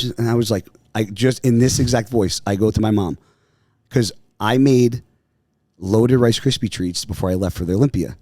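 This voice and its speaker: A man's voice: on the low side, moderate pace. A man telling a story in casual podcast chat, swearing freely and acting out what people said. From New Jersey, US. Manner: animated, profane, acts out voices in quotes. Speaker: podcast guest. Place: podcast studio.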